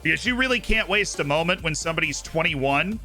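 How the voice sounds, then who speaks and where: A man's voice: fairly high pitch, lively intonation, a little fast, sharp tone, soft background music. An American man from Florida, a streamer rambling in casual chat while playing a football management game, full of asides and "right?" tags. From Tampa, Florida.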